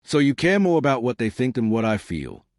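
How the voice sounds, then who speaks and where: A man voicing a heartbroken young wife in an audio story, speaking softly with a hurt, pleading tone. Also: medium pitch, big pitch swings, brisk, no echo, clean studio sound. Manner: soft, hurt, quietly pleading.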